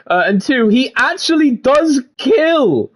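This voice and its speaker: A man's voice: very high voice, big pitch swings, slow. A man giving gaming commentary and reading in-game text aloud, swearing freely and laughing often. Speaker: gaming video creator.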